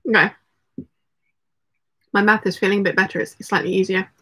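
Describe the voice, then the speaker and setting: A woman's voice: medium pitch, steady tone, a little fast, fairly bright tone. A woman hosting a casual livestream from home, reading out chat messages, laughing often and talking while she eats. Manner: chatty, laughs often, talks while eating.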